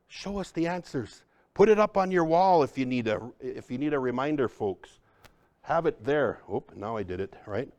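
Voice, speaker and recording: A man presenting a language workshop to a live audience, telling stories with lots of "hey?" and "right?", dropping to a hush and then rising loud. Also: medium pitch. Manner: animated storyteller, swings from hushed to loud, tag questions "hey?". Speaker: Ojibwe language teacher and presenter. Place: conference room.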